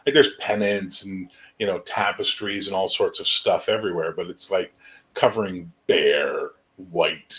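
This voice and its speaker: A man's voice: low-pitched, a bit bright. A man narrating as game master in a tabletop game, rambling casually with many fillers.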